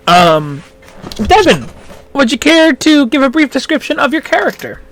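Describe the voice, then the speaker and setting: A man narrating as game master, halting and full of fillers. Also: very high voice, very animated, fairly bright tone.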